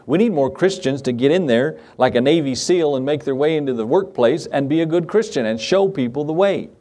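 A man's voice: on the high side, expressive, brisk, dark tone. A man pastor delivering a sermon, emphatic, posing questions and answering them himself. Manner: emphatic, asks and answers his own questions.

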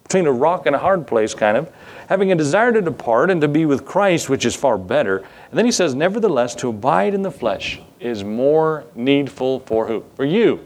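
A man's voice: medium pitch, big pitch swings, moderate pace, darkish tone. A man preaching a Bible sermon to a congregation, reading scripture aloud and asking the listeners questions, with rising emphasis on key words. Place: church.

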